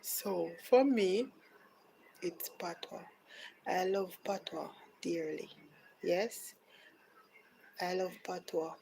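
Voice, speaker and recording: A Jamaican woman hosting a live podcast, chatting casually and slipping into soft, near-whispered phrases. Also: fairly low pitch, slow pace, gravelly, pauses often, slightly rough, poor audio. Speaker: podcast host.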